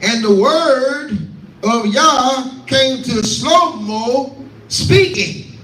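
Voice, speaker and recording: A man's voice: extremely high pitch, animated, very slow, pushed and bright, faint music behind. A man preaching a scripture teaching, repeating lines and calling out to his listeners. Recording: echoey room, voice from far off.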